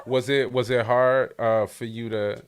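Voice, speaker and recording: A man's voice: medium pitch, a little slow, very noisy. Joking man hosting a podcast. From Detroit. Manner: energetic, joking, repeats words. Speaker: podcast host. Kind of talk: casual podcast interview.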